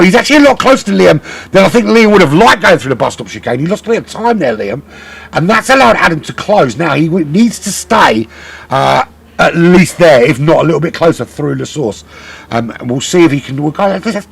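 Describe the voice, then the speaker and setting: A man's voice: on the high side, creaky, breathy edge. A man commentating a sim race live, chatty and rambling, often correcting himself.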